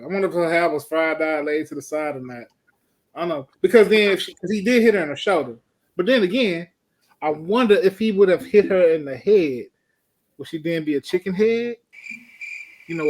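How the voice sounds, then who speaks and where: A man's voice: on the high side, expressive, a little fast. A man co-hosting a casual show, telling a news story with playful jokes. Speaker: co-host. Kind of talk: casual podcast banter.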